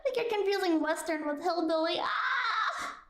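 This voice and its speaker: A playful woman streamer, high-pitched and lively, giggling as she chats with viewers. Her voice rises and falls with a wide range. It rings a bit in a roomy, echoey space. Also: moderate pace, a little hiss or hum. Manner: playful, giggly, reads chat aloud. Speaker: streamer host. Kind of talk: casual live-stream chat.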